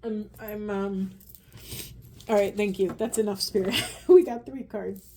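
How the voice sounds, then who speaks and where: A woman giving a spiritual oracle card reading, earnest and gentle, often trailing into soft, hushed asides. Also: mid-range voice, a little slow, noisy background. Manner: gentle, earnest, rambling with self-corrections. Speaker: tarot and oracle card reader.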